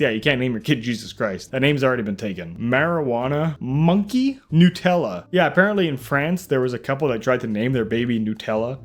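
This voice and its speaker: A young man hosting a comedy reaction video, reading items aloud and mocking them. His tone is sarcastic and incredulous, with frequent laughs and quick acted-out bits of dialogue. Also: medium pitch, animated. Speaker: YouTube reaction host.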